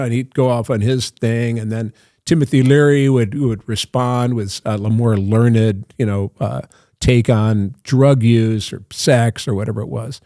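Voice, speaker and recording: A man's voice: mid-range voice, moderate pace, darkish tone, dry recording, clean studio sound. Older man telling rambling stories. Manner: rambling, self-interrupting anecdotes. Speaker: guest actor. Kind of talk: casual storytelling interview.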